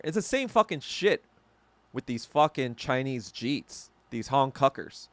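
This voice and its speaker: At normal speed and in a mid-range voice with no echo, a male podcast host goes on a casual, profane, heated rant. His monologue rambles, and he keeps correcting himself along the way.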